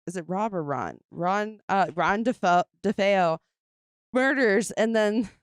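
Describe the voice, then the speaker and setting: A woman's voice: mid-range voice, animated, takes it slowly, smooth, no echo, clean studio sound. A woman hosting a podcast in casual chat, joking and laughing as she recaps a film's plot with lots of fillers. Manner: giggly, jokey, recaps the plot with many fillers. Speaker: podcast host; comedian.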